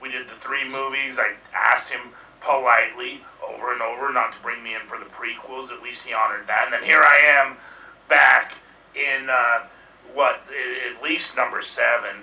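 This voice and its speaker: A man doing an improv impression of a stoned, grumpy older film actor giving a rambling, deadpan best man speech. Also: medium pitch, moderate pace, vocal fry. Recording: roomy distant mic.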